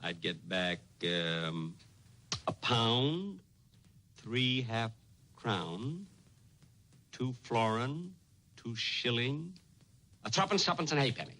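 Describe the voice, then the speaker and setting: A comedian doing a fussy deadpan tourist. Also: male voice, mid-range voice, slow, long pauses, slight background noise, full character voice. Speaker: comedian playing himself as a tourist. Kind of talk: 1950s TV sitcom acting.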